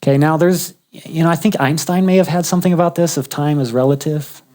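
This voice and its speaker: A man's voice: fairly high pitch, fairly even intonation, quick pace, mellow. A man casually telling a personal faith story, humorous and chatty, often restarting his sentences. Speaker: guest sharing a faith testimony.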